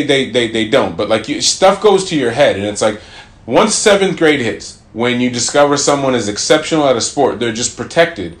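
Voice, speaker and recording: A man with a mid-pitched voice chats on a podcast, rambling and stumbling over repeated words as he talks. The room around him sounds echoey. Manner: rambling, loses his train of thought, repeats words. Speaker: podcast co-host. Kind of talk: casual chat.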